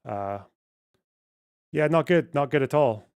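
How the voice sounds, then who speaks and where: A man's voice: fairly high pitch, expressive, measured pace, darkish tone, clean tone, no room sound. Male streamer, 30s, blunt and profane, dry close sound. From Britain. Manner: blunt, sweary and offhand. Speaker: livestream host. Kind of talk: casual live-stream chat.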